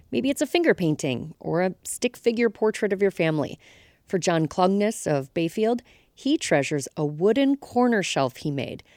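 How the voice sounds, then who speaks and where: A woman radio producer reading a scripted introduction in a gentle, conversational way. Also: lowish voice, dry recording, studio quality.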